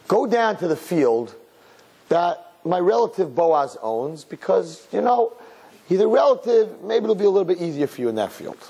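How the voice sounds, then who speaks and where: A lively man preaching to a class, his high voice swinging widely as he tells a story. He drops in Hebrew and Yiddish words along the way. The voice has a husky edge. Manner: storytelling with sudden high-pitched emphasis. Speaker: Torah teacher. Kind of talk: animated sermon to a room of girls.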